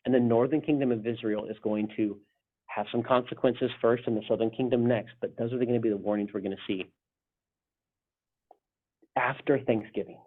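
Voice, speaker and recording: A man's voice: mid-range voice, steady tone, a little fast, long pauses. A male pastor leading a casual Bible study discussion, rambling with frequent restarts. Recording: tinny phone-like sound.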